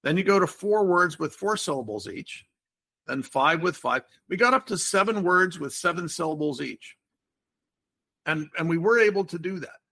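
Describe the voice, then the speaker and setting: Man, older, bright tone, playful wordy host, casual chat. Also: a little high, expressive, normal speed, slightly rough. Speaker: podcast host.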